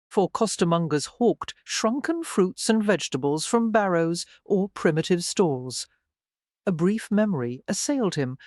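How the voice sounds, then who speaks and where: An audiobook narrator giving a measured, even scripted reading of a romance novel. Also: medium pitch, dry recording, clean studio sound.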